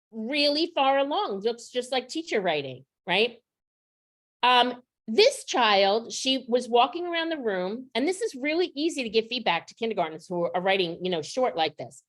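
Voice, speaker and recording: A woman presenting a literacy training session to teachers, explaining student writing samples and often checking in with the audience. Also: a little high. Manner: explanatory, checks in with rhetorical "right?". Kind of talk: professional development presentation.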